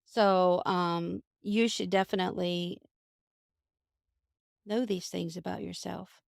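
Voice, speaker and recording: A woman guest talking about spiritual healing in a calm, reassuring way, sometimes acting out voices in a story. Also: fairly low pitch, slow pace, creaky, no room sound, clean studio sound. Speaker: guest healer. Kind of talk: casual spiritual talk.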